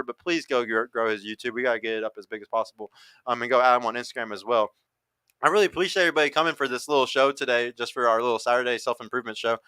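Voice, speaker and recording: A man's voice: medium pitch, pushed and bright, smooth, no room sound. A man hosting a casual livestream podcast, talking brashly and with lots of swearing as he reads out chat comments. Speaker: podcast host and dating coach.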